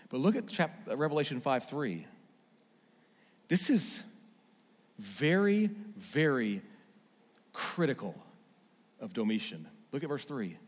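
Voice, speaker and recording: A man preaching a sermon, swinging from loud emphatic lines to hushed, quiet asides. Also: on the high side, big pitch swings, measured pace. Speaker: pastor. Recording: long hall reverb.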